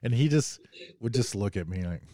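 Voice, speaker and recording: A man's voice: on the low side, animated, normal speed, mellow, no echo, clean studio sound. A man hosting a casual podcast, joking and rambling as he talks, a bit under the weather. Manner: joking, rambling, self-deprecating. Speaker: podcast host.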